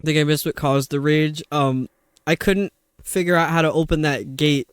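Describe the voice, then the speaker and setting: A man's voice: on the high side, fairly even intonation, normal speed, clear, resonant tone, no echo. A young man giving live commentary while playing a video game, rambling, stumbling over his words and laughing often. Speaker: streamer.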